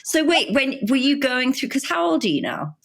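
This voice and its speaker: A woman hosting a podcast who talks casually and with enthusiasm, laughing easily and jumping up in pitch when excited. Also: moderate pace, creaky. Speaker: podcast host. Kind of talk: casual interview chat.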